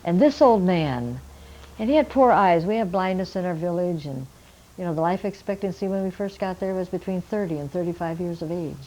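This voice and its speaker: A woman's voice: on the low side, brisk, mellow, low-quality recording. An older woman, a missionary Bible translator, earnestly telling a story from her work and addressing her listeners as friends. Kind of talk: storytelling testimony.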